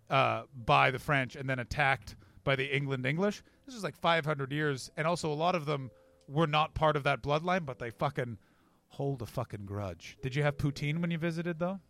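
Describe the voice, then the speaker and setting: A man doing brash, sweary, quick-riffing banter as a comedian answering audience questions at a live podcast. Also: mid-range voice, gravelly, fairly bright tone. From Canada. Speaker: comedian, guest.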